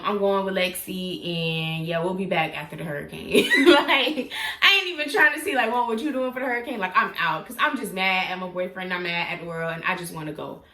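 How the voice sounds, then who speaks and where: A young woman tells a personal story in a casual, animated vlog, acting out quotes with sudden leaps in pitch. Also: roomy sound. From South Florida. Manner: animated, dramatic retelling with acted-out quotes and sudden pitch jumps. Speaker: YouTuber telling a story.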